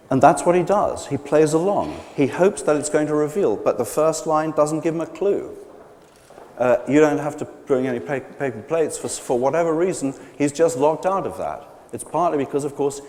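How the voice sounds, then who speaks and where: A man lecturing to a live audience in a large pavilion. His pitch rises and falls a lot as he explains, and he often stops to hesitate and restart. His voice trails off into a long hall reverb. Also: moderate pace. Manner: animated, hesitant with many fillers and restarts.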